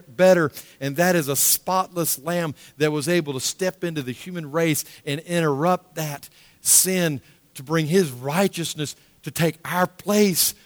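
A man preaching a sermon as a pastor, emphatic, repeating key phrases and dropping to a hushed tone in prayer. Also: a little high, no echo, big-room sound.

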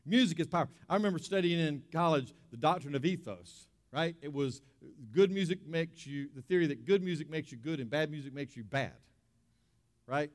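Male preacher, talky sermon style with repeated emphases, a bit high-pitched, big reverberant hall. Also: a little fast. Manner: conversational preaching with emphatic repetitions and rhetorical questions. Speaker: pastor. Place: church sanctuary.

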